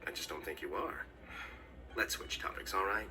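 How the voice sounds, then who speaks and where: An actor playing a weary, cynical middle-aged storm professor in a mystery game, gruff and bitter, captured as game audio from a distance with faint noise. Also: male voice, sits low, moderate pace, lightly acted. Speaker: game character.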